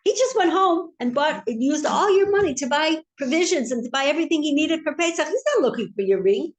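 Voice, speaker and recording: A woman's voice: on the high side, expressive, moderate pace, mellow, lightly acted. A woman voicing a jealous, scheming male royal official who tattles spitefully.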